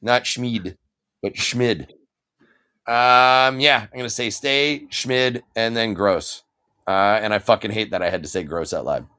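A man's voice: fairly low pitch, moderate pace, pushed and bright, clear, resonant tone. A man co-hosting a casual podcast chat, swearing often and thinking aloud as he weighs his picks. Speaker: podcast co-host.

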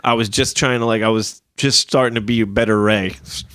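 A man's voice: lowish voice, a little fast, no room sound, clean studio sound. A man in his thirties telling rambling, profane driving stories in a casual podcast chat, ranting as he goes. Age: 30s. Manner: profane, animated storytelling, rants. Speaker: podcast guest.

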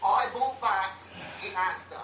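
A woman in casual chat, making quiet, offhand remarks. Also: mid-range voice, unhurried, echoey room, a little hiss or hum, rough recording.

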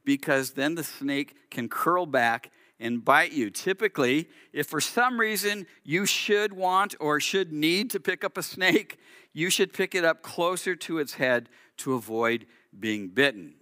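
A male rabbi preaches a sermon, explaining as he tells the story and acting out its quotes. His voice is forceful and tense. The sound is close and dry. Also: a little high, expressive, unhurried, dry recording.

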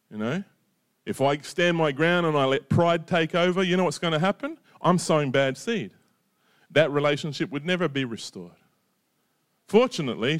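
A man's voice: a little high, clean tone, no echo, clean studio sound. A middle-aged man preaching a sermon in a conversational way, often checking in with "right?" and "you know". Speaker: pastor.

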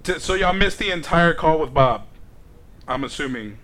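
A man's voice: a little high, expressive, moderate pace, a loud crowd. A man hosting a podcast live stream, chatting casually and apologizing while he troubleshoots the audio. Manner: self-deprecating, distracted while fixing audio. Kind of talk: casual chat.

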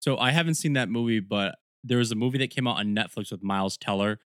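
A man's voice: fairly low pitch, fast, no echo, clean studio sound. A man co-hosting a podcast in casual chat, steadily running the segments and giving his opinions. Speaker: podcast co-host.

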